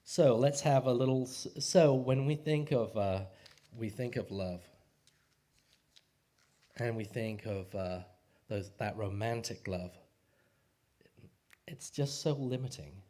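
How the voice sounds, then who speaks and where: A man giving a casual, joking sermon to his community, pausing often with fillers and restarts. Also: mid-range voice, warm tone. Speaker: speaker at a spiritual community service.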